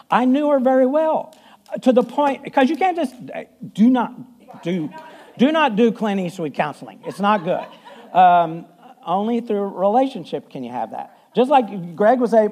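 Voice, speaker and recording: A man's voice: high voice, dark tone. A middle-aged man, a pastor preaching a conversational sermon with folksy humor. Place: church.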